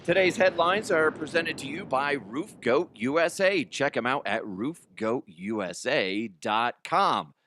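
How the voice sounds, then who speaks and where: A man's voice: medium pitch, expressive, unhurried, few pauses, a bit bright. A man hosting a comedy podcast in casual, rambling chat, laughing often and swearing. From Colorado. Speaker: podcast host.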